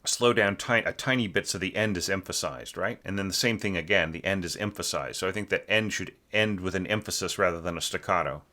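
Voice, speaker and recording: A man's voice: low voice, pushed and bright. A man teaching orchestration who talks through a student's score in a loose, conversational way, often with fillers, and sings phrases aloud to show how they should sound. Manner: sings musical phrases to illustrate, many fillers. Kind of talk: casual spoken critique.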